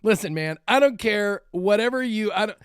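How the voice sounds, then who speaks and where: A man hosting a podcast in casual chat, animated and rambling with many restarts. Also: high voice, moderate pace, clear, resonant tone, dry recording, studio quality. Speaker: podcast host.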